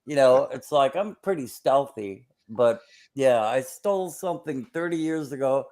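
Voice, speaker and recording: A man's voice: medium pitch, animated, moderate pace, darkish tone. A man in casual chat, talking earnestly and repeating himself with fillers.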